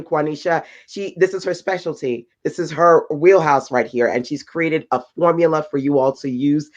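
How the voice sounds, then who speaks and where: A woman's voice: on the low side, dull audio. A woman from Brooklyn hosting an online workshop, affirming and enthusiastic, cheering on her guest. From Brooklyn, New York. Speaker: host.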